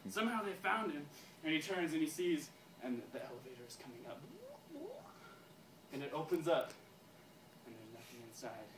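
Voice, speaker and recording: Giggly man pitching a story, echoey room. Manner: giggly, keeps breaking into laughs; halting, many restarts. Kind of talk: casual story pitch to a group. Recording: echoey room, far from mic, crowd around.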